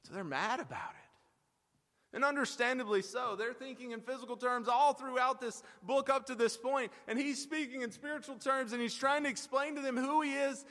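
A man delivers an earnest, emphatic sermon, with pauses that let each point land. His voice sits high for a man. A long reverb trails his words through a large hall. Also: a bit bright. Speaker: pastor.

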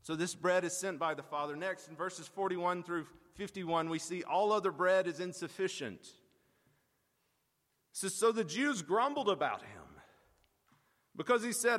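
A pastor preaches an earnest, emphatic sermon, pausing so each point sinks in. His voice is high for a man, animated and fairly bright, and a long reverb follows his words through a large hall.

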